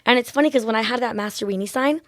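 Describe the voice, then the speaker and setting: A woman's voice: fairly high pitch, a bit bright, no echo, clean studio sound. A woman nail artist telling stories in a casual chat, full of "like" and "literally". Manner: fast, chatty storyteller, lots of "like" and "literally".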